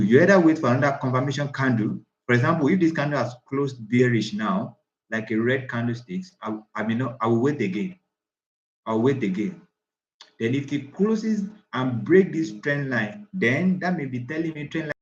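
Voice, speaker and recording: A man teaching a trading lesson over a shared chart, repeating and restarting phrases for emphasis. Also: mid-range voice. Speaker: trading instructor. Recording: roomy, slightly dull lo-fi audio.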